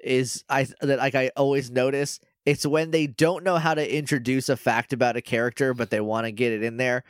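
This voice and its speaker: A man co-hosting a podcast, casually recapping a TV episode, rambling and quoting characters in quick bits. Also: medium pitch, steady tone, smooth, no room sound, studio quality. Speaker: podcast co-host.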